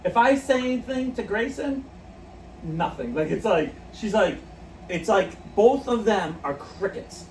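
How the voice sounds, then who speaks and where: This podcast co-host has a high, expressive voice with a darkish tone, and he speaks at a measured pace. He tells stories in casual conversation, giggling and laughing through them often. The recording sounds roomy and echoey, picked up by a distant mic with faint noise.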